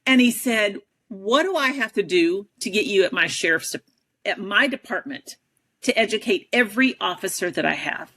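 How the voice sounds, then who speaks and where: A woman on an interview show telling a personal story in a lively, self-deprecating way, often acting out the people she quotes. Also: medium pitch, moderate pace. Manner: animated, self-deprecating, acts out quoted dialogue. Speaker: interview guest, advocate and educator.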